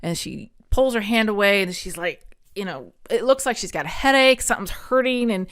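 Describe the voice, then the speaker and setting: A woman's voice: medium pitch, lively intonation, normal speed, fairly bright tone. A woman hosting a podcast, recapping an episode in an earnest, chatty way, laughing often and sounding close to tears. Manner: emotional, near tears. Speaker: podcast host.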